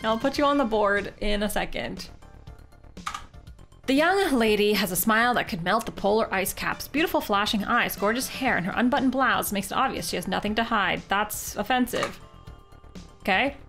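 A woman's voice: mid-range voice, moderate pace, a bit bright, faint music behind. A woman streamer playing an old adventure game, reading its text aloud with playful jokes. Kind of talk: casual game livestream commentary.

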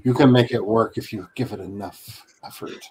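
Dry, teasing man, low voice. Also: normal speed, noisy background. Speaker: streamer playing a survival game. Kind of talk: casual gaming chat.

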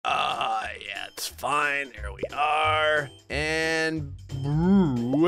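A man's voice: medium pitch, animated, slow, sharp tone, soft background music. A man giving comedic, jokey let's play commentary, talking back to game characters. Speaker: gaming YouTuber.

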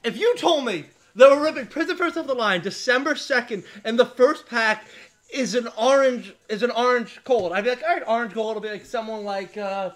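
A man hosting a live card break, reading out player names and shouting with excitement over big pulls. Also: extremely high pitch, moderate pace. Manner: reads out player names one by one. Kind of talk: live card-opening stream.

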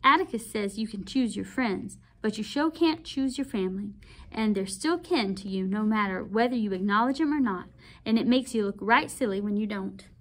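A woman's voice: medium pitch, expressive, normal speed, lightly acted. A woman reading aloud as an earnest teenage boy who coaxes his younger sister. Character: earnest teenage boy, protective older brother.

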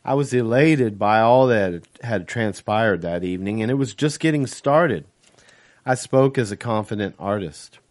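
Reading aloud from a novel he wrote, this man delivers first-person audiobook narration in a somewhat low voice, keeping a calm, even, deliberate delivery.

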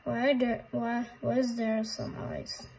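A woman's voice: fairly high pitch, level tone, slow, vocal fry, a little mellow, husky, poor audio. A young woman playing a horror game and commenting, swearing a lot and sounding jumpy and frightened. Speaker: gamer.

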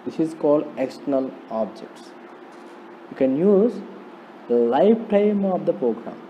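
A man with an Indian English accent giving a slow, repetitive programming lecture, often asking rhetorical questions. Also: a little high, sing-song. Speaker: polytechnic lecturer. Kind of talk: recorded classroom lecture on programming. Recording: dull lo-fi recording, faint noise.

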